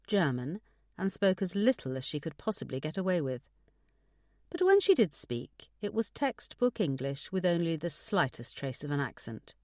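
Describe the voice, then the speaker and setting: A woman narrating a suspense audiobook in a measured storytelling manner. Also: on the low side, no echo, clean studio sound. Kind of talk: scripted narration.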